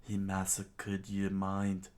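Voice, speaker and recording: A man's voice: deep voice, completely flat delivery, slow pace, a little mellow. A man doing a stern, scolding pirate captain.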